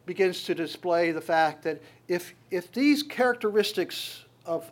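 A man preaching a sermon, quoting scripture and talking to his congregation in a conversational way, often restarting his sentences. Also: high-pitched. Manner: conversational, quotes scripture and acts out voices in passing; frequent restarts and stammers.

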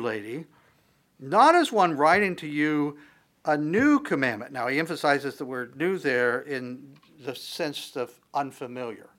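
A man's voice: a little high, fairly bright tone. A man preaching a sermon as a pastor, teaching verse by verse in a conversational way, with asides, restarts and the odd chuckle.

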